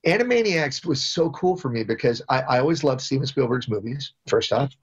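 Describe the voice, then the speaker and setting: Male voice actor, mid-pitched, lively storyteller; dull lo-fi recording. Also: fairly quick, husky. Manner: lively, slips into impressions. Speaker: voice actor guest. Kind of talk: interview answers, storytelling.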